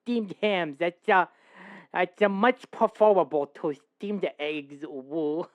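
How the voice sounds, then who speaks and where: A man's voice: high-pitched, dry recording, dull audio. A man putting on a hesitant, goofy character voice that stumbles over its words and keeps tagging lines with a whoop. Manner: halting with "uh" and a tag "oh, woo".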